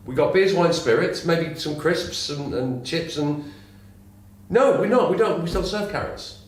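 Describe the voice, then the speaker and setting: Exasperated barman, as a man acts him out in a joke: blustering, impatient, pitched up, in a very echoey space. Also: unhurried, close to an everyday voice. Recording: echoey room.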